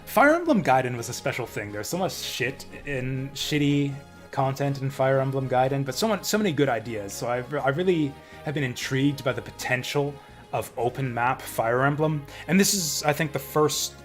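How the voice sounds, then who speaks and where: A man livestreaming a game from his home setup, talking off the cuff to his chat. His delivery is blunt and opinionated, and he swears freely. His voice sits at an ordinary middle pitch, with faint game music playing underneath. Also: animated, moderate pace. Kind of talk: casual live-stream commentary.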